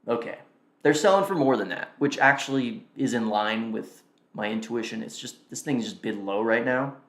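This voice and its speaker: A man's voice: mid-range voice, moderate pace. A man hosting a live stream, chatting casually and thinking aloud as he reacts and mutters to himself. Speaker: livestream host. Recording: roomy echo.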